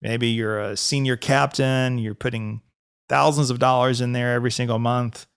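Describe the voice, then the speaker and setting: Hosting a casual podcast, a male financial advisor speaks at a moderate pace in a smooth, medium-pitched voice touched with vocal fry. His manner is relaxed and chatty, with regular laughter and restarted sentences.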